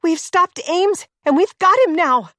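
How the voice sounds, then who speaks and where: A woman voicing a frightened woman named Claire who shouts urgently over an engine, her pitch pushed high. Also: a little slow, no echo, clean studio sound. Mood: frantic.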